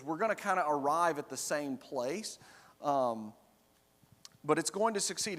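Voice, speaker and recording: Man teaching a church Bible class. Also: mid-range voice. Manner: explains verse by verse, checks in with the class with "right?". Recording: long reverb of a church room.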